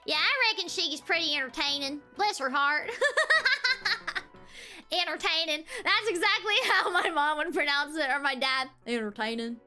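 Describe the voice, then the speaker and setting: A woman's voice: high voice, lively intonation, fairly quick, pushed and bright, faint music behind. A young woman from the southern United States streaming, chatting casually with giggles. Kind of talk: casual chat.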